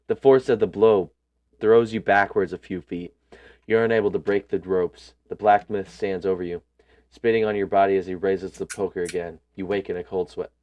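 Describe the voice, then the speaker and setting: A man's voice: low voice, steady tone, moderate pace, darkish tone, dull audio. A man reading a story game's text aloud, breaking in with casual slangy asides.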